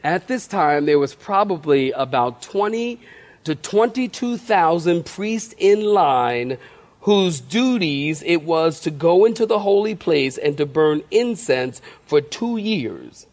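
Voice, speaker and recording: Brief: male pastor, high voice, funny animated sermon delivery. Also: slow pace. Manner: humorous, animated storytelling.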